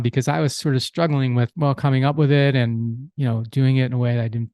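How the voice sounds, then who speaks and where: A man's voice: medium pitch, fairly even intonation, fast, few pauses, darkish tone, no room sound. Casual middle-aged male podcast host, plain mid-range voice, conversational storyteller, dry close mic. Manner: easygoing, with restarts and "you know".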